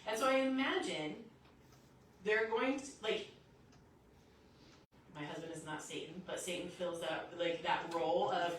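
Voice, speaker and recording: A woman preaching a sermon in a lively storytelling way, acting out the voices in her stories. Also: lowish voice, unhurried, long pauses, slight background noise. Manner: lively storytelling, acts out quotes. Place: church sanctuary. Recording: echoey church hall from a distance.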